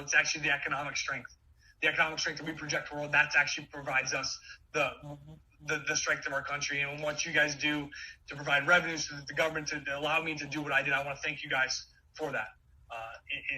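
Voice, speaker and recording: Fast, bright-voiced man giving a keynote. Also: fairly high pitch, a little hiss or hum, low-quality recording. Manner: energetic, many quick restarts. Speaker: keynote speaker. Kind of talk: motivational talk.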